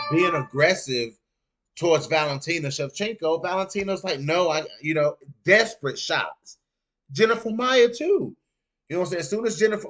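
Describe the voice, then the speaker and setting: Laid-back guy on a stream, kinda higher voice, groggy morning rasp, lots of filler. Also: a bit bright. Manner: loose and chatty, heavy "you know what I'm saying" filler. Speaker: livestream host. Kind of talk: casual MMA recap livestream.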